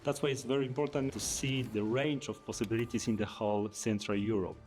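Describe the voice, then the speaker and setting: A man's voice: medium pitch, fairly even intonation, a little fast, darkish tone, faint music behind. A man in a behind-the-scenes interview explaining design choices.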